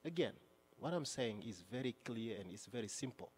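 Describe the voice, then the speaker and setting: A man's voice: mid-range voice, lively intonation, a little fast, husky. A male city councilor with a non-native accent, speaking emphatically in a council meeting, often repeating and restarting phrases. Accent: non-native English. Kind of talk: impassioned council floor speech. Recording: long reverb of a council chamber.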